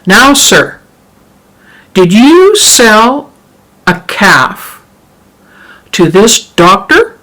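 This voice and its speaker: A storyteller voicing a stern, exasperated courtroom judge who questions slowly and deliberately. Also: medium pitch, very animated, sharp tone, pitched above the performer's own voice, exaggerated voice.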